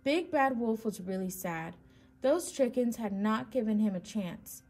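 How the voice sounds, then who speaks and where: Preschool teacher lady reading a picture book, slow and kinda breathy, slightly high. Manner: slow and expressive. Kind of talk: children's storybook read-aloud.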